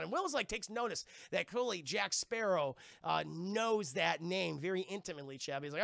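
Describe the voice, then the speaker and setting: A man's voice: high voice, expressive, a little fast, creaky, few pauses, bright, forceful tone, no echo, studio quality. A man streaming a rambling, profane casual movie recap to his chat.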